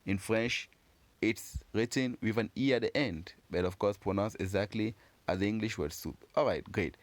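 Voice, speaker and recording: A man's voice: lowish voice, dry recording. Patient man teaching French sounds. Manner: patient, encouraging, repeats words slowly. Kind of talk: pronunciation lesson for learners.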